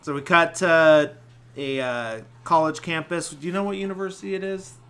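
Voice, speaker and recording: A man's voice: fairly high pitch, fairly even intonation, normal speed, sharp tone. A man hosting a podcast, casually retelling a movie plot with lots of fillers. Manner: rambling, many filler likes. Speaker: podcast host. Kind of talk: casual film recap.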